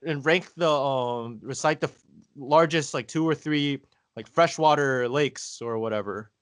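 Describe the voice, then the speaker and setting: A man from Taiwan, a guest on a podcast, telling stories in a hesitant, halting way with many fillers. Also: mid-range voice, clear, resonant tone, no room sound, clean studio sound. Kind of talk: casual conversation.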